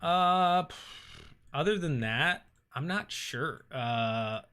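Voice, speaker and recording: A man with a bright, clear voice hosts a relaxed live stream. He reads viewer comments aloud and answers them in an easy, thinking-aloud way, full of ums and uhs. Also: fairly high pitch, takes it slowly. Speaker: host reading live chat. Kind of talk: casual live-stream chat.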